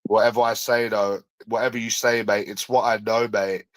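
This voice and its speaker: A man's voice: fairly low pitch, little pitch movement, moderate pace, dry recording, low-quality recording. London guy ranting on and on, swearing, sarcastic, dry close sound. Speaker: vlogger. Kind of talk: ranting monologue.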